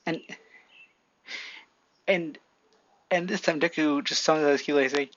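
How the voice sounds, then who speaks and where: A woman telling a rambling fan-fiction story from home into a computer mic, halting and restarting often. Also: low-pitched, expressive. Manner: halting, full of restarts and fillers. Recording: lo-fi, faint hiss.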